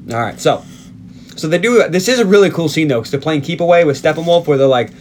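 A man's voice: fairly high pitch, lively intonation, fast, darkish tone, a little hiss or hum. A man co-hosting a podcast, recapping a film in casual chat, laughing often and humming scenes. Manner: laughs often, quotes and hums movie bits.

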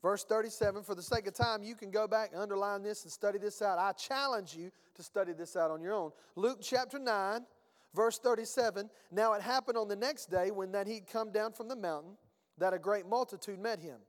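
A male pastor preaching a sermon, reading scripture aloud and swinging between emphatic bursts and quiet asides. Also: high-pitched, a little fast, long reverb tail.

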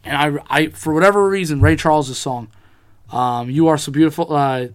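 A man's voice: a little high, moderate pace, a little hiss or hum. A young man in casual chat, telling a personal story with lots of swearing and acted-out quotes.

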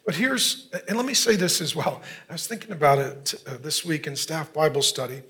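A man in his fifties, a pastor preaching an earnest, conversational sermon with quick asides. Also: on the high side, animated, pushed and bright. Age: 50s.

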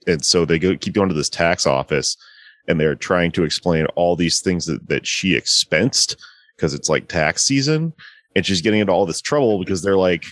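A man's voice: low voice, animated, moderate pace, fairly bright tone, no room sound, clean studio sound. A man casually retelling a movie plot to a friend, rambling with lots of fillers. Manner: rambling, filler-heavy retelling with acted-out quotes. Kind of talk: casual chat.

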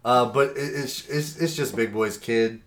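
A man's voice: medium pitch, unhurried, fairly bright tone. A man chatting as a guest on a podcast in a studio, blunt and opinionated. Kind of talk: casual podcast chat.

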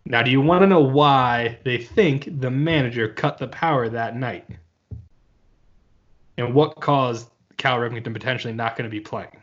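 A man's voice: medium pitch, moderate pace, a bit bright, lo-fi sound. A man co-hosting a casual podcast chat, playfully spinning wild hypotheticals. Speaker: podcast co-host.

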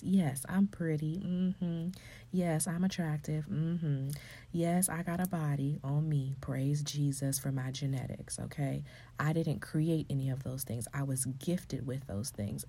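Low, warm woman giving a faith pep talk. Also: steady tone, moderate pace. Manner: earnest, coaching, sometimes breathy and hushed, then rising into emphatic exclamations. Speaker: faith and relationship speaker. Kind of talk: motivational faith talk to women.

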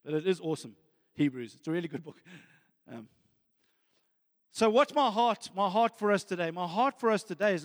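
A man with a notably high voice preaches with fervour, leaning on "friends" and "amen" as he presses his point. His words ring out with a long reverb trailing behind them, as in a big hall. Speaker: pastor. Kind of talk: sermon.

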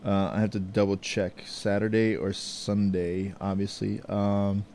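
A man's voice: fairly low pitch, little pitch movement, unhurried, darkish tone, a little hiss or hum. A man co-hosting a podcast in casual chat, joking with his co-host and cheerfully plugging the show. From Florida, USA. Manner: joking, upbeat plugs for the show.

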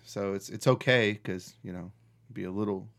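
A man's voice: on the low side, moderate pace. A man hosting a casual chat, telling a story with lots of swearing and restarts. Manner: animated storyteller, swears freely, restarts often.

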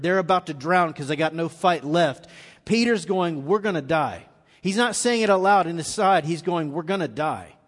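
A man preaching a live sermon as pastor, telling a story and acting out the quoted lines with rising intensity. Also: high-pitched. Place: church auditorium. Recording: live in a reverberant hall.

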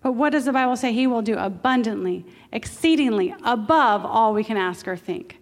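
A middle-aged woman with a fairly high voice preaches a sermon in a lively, animated way. She jumps from loud exclamations to hushed asides, and her voice rings with a long reverb. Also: normal speed.

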